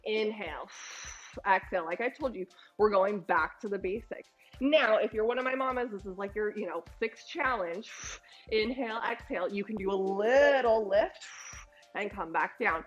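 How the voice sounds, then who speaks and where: A woman's voice: mid-range voice, normal speed, highs cut off, faint music behind. A young woman, a personal trainer, guiding a postpartum core workout and cueing breaths while she does the moves herself, her voice a little strained from the effort. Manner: encouraging, cues breathing while exercising. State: slightly strained from exercising.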